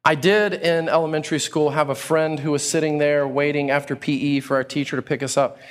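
High-voiced man preaching a lively sermon. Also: brisk. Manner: animated storytelling with acted-out exclamations. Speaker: pastor.

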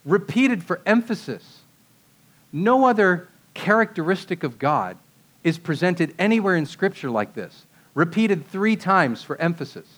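A man's voice: sits high, sing-song, unhurried, a bit bright. A man preaching a sermon in a conversational way, asking rhetorical questions and dropping casual asides.

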